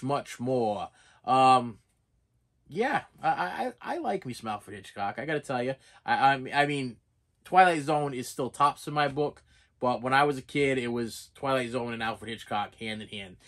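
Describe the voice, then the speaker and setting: A man's voice: mid-range voice, a bit bright. A man with a Boston accent, rambling casually through an unboxing vlog and often stumbling over his words. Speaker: collector showing his purchases.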